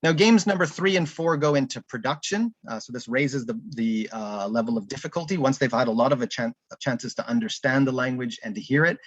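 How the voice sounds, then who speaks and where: A man's voice: medium pitch, brisk, few pauses, dry recording, muffled recording. A man giving a casual online presentation of a learning app, thinking aloud with frequent ums and restarts. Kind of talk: live online conference presentation.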